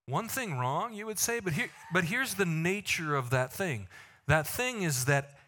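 A male pastor delivering a sermon with a bright, forceful tone and a voice pitched a bit high. He jokes with the congregation, then slows right down to stress a point. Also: slight background noise. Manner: animated, joking asides, slows for emphasis.

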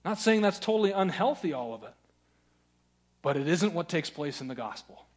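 A man preaching a sermon, earnest, moving between loud urging and hushed, searching questions. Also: on the high side, big pitch swings, moderate pace. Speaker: pastor.

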